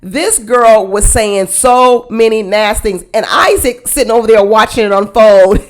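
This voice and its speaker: A woman with a fairly high voice gives a casual reaction commentary, blunt and sassy. Her delivery is animated and she breaks into laughing asides. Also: moderate pace. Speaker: reality TV reaction host.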